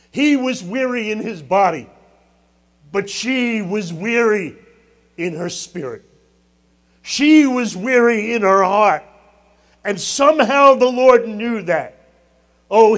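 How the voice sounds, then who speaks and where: High-voiced man preaching a sermon. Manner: preaching with rising emphasis and asides. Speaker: pastor.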